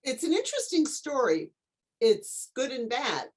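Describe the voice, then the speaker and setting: A middle-aged woman who writes and tutors tells a story as an interview guest, animated and acting out the voices of the people involved. Her voice is high-pitched and slightly rough, and she speaks a little slowly.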